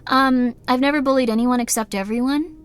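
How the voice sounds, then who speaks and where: A woman's voice: high-pitched, steady tone, a little fast, clear, resonant tone, faint music behind. A young adult woman chatting on a live game stream, rambling candidly, apologizing often and filling her talk with "like". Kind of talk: casual live-stream chat.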